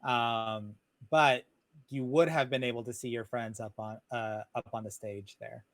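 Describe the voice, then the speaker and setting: A man narrating as game master of a tabletop game, talking in a relaxed, rambling way with many fillers over a video call. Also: mid-range voice, unhurried, no echo. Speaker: dungeon master.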